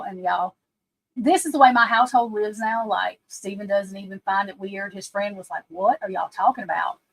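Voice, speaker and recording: A woman's voice: fairly high pitch, fairly bright tone, rough recording. A woman psychic card reader talking casually on a livestream, rambling and emphatic, speaking straight to her listeners.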